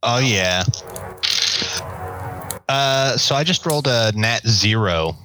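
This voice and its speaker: A man's voice: medium pitch, animated, takes it slowly, pushed and bright, faint music behind. A man playing a tabletop game, talking in a laid-back, hesitant way. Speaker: player. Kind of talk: casual tabletop game chat.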